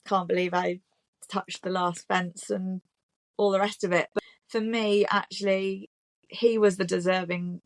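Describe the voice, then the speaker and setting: A woman's voice: medium pitch, dry recording. A British woman, an Olympic rider, chatting reflectively as a podcast guest with frequent ums and restarts. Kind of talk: casual chat.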